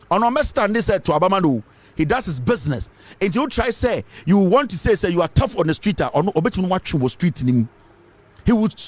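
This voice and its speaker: A man's voice: high voice, no room sound. A Ghanaian man giving impassioned political commentary, emphatic and fiery, repeating his points and switching between English and Twi.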